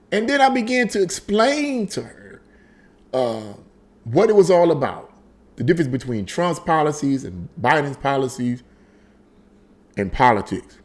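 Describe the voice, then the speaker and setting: Animated man telling a story. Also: high voice. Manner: animated storytelling with frequent repetition; conversational, emphatic. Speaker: political commentary channel host. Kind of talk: casual political commentary monologue.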